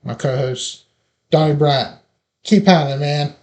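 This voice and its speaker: Mellow-voiced man hosting a sports podcast. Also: fairly high pitch, unhurried. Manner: opens with playful scripted biblical flood wordplay, then relaxed listing. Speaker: podcast host. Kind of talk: casual sports podcast chat.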